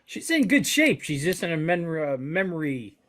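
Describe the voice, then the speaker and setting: A man's voice: a little high, sing-song, normal speed, fairly bright tone. A man co-hosting a podcast who rambles and jokes in casual banter with his partner. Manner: joking, rambling. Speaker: podcast co-host, flooring contractor.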